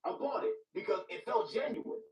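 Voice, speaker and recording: A man reviewing a movie in casual chat, hyped and profane, repeating himself for emphasis. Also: moderate pace. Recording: echoey room, distant dull mic.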